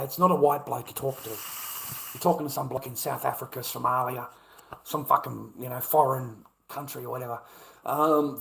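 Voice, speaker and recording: A man's voice: mid-range voice, creaky, a bit bright, slight background noise, poor audio. A man in a casual monologue, blunt and heavily profane, hammering his points home by repeating them. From Australia. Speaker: vlogger.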